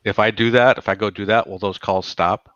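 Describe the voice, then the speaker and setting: A man's voice: on the low side, steady tone, fairly quick, a bit bright, no echo, lo-fi sound. A man hosting an interview, asking casual, curious questions over a call. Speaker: show host.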